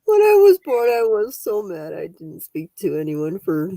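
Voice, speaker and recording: A woman's voice: medium pitch, wildly swooping pitch, normal speed, dark tone, dry recording, poor audio. An older woman with a Canadian accent hosting a casual livestream chat, laughing constantly between lines. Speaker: livestream host.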